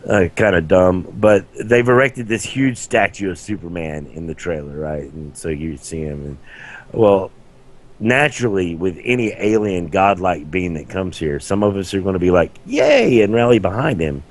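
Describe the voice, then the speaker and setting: A man's voice: low voice, normal speed. A young man co-hosting a podcast, chatting casually and restarting his sentences often. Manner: chatty, hesitant with many restarts. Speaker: podcast co-host. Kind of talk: casual chat.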